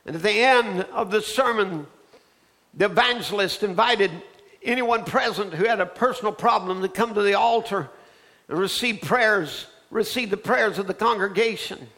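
A man preaching a sermon, telling a story that builds into fervent, shouted preaching. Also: high voice, normal speed.

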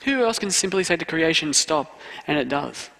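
A man preaching an earnest sermon, driving his points home by saying them twice. His voice sits a bit high and carries a gravelly fry at the bottom of his phrases. A long hall reverb trails after each line. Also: lively intonation, brisk, bright, forceful tone. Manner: earnest, repeats key phrases for emphasis. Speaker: student pastor.

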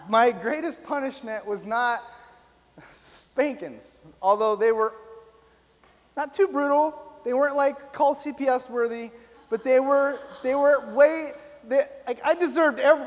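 A man with a very high, light voice preaches to a congregation. He tells stories in a chatty, animated way, full of little fillers. His voice rings out with a long reverb from the hall. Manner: animated storytelling, lots of fillers. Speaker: pastor. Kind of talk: sermon. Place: church hall, live audience.

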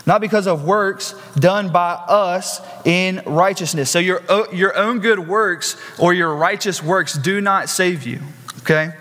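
A man's voice: sits high, a little slow, a bit bright. A man preaching a sermon in a casual, conversational way, with asides and questions to the congregation. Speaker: pastor. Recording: long hall reverb.

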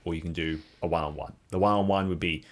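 A man's voice: sits low, quick pace. A man running a tabletop game as game master, laughing often and slipping into character voices. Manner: laughing, animated, jumps into many character voices.

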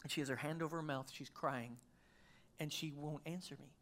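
A man's voice: on the high side, steady tone, fairly quick, a bit bright. A middle-aged male pastor preaching a sermon, telling a personal story in a conversational way with frequent restarts.

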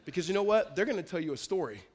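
A male pastor telling a personal story in a sermon, in a lively storytelling manner with quick restarts. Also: high-pitched. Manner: storytelling, animated, self-interrupting with laughs. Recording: long hall reverb.

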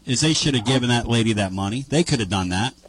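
A male talk radio host with a mid-pitched voice. He reacts eagerly to his guest and stresses his words by repeating them. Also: animated, fast, a little hiss or hum. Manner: enthusiastic, emphatic reactions.

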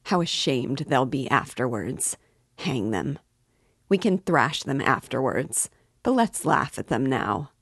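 A woman voicing a hearty, excitable young man in an audiobook reading, speaking eagerly and with emphasis. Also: rumbling low, slow, breathy edge, no echo, studio quality, full character voice.

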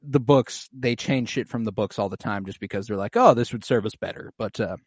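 A man's voice: lowish voice, fairly quick, breathy edge, no echo, studio quality. Casual young man recapping a show. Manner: animated, acts out characters' lines in a raised voice. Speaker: podcast co-host recapping a TV series. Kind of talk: casual chat.

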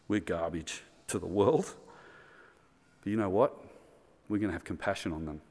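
Low-voiced Australian preacher in a reverberant hall. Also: male voice, lively intonation, unhurried, long pauses, darkish tone. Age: middle-aged. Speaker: pastor. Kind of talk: sermon.

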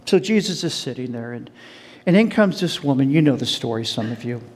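A man's voice: mid-range voice, brisk. A man preaching a sermon as a pastor, telling the story animatedly and speaking straight to the congregation. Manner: animated storytelling, acting out quoted voices; addresses the congregation directly.

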